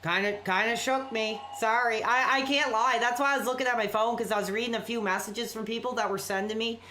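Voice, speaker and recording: A man's voice: very high-pitched, steady tone, brisk, pushed and bright, a little hiss or hum. Rambling apologetic man streaming late at night. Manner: rambling, apologetic, reacting to chat messages. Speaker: live streamer. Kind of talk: casual late-night live-stream chat.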